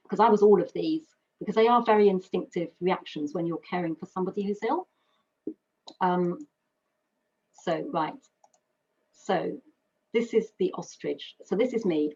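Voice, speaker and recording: A woman's voice: mid-range voice, slightly rough. A British woman and carer giving an earnest, personal webinar talk, explaining with metaphors and lists. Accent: British English. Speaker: carer speaker. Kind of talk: webinar presentation. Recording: dull lo-fi webinar audio.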